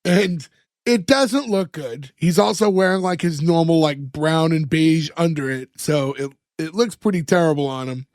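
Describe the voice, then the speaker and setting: A man's voice: on the high side, normal speed, a little mellow, dry recording, studio quality. A man co-hosting a podcast, recapping a sitcom scene by scene and acting out the characters' lines. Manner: storytelling, acts out characters' lines. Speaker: podcast co-host.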